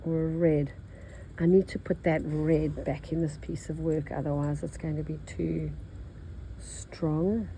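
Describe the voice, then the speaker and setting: A nasal older woman with an Australian accent chats as she works on her embroidery, thinking aloud and drifting between topics. Her voice sits low and warm, with a gravelly edge. A faint hiss runs under it. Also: level tone, a little slow, poor audio. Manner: rambling, chatty, thinks aloud. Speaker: embroidery teacher. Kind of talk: casual chat while stitching.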